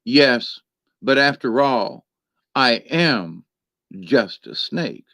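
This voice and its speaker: A man's voice: medium pitch, expressive, very slow, vocal fry, fairly bright tone, dry recording, studio quality, full character voice. A man doing a cold pleading rattlesnake. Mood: sly. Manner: pleading, storytelling voice. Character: cold shivering male rattlesnake, pleading then sly.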